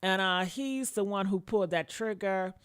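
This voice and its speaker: A woman's voice: medium pitch, normal speed, fairly bright tone, clean tone. A woman in her fifties giving casual live commentary on a crime case, blunt and profane, talking straight to her viewers. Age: 50s. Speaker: commentary vlogger.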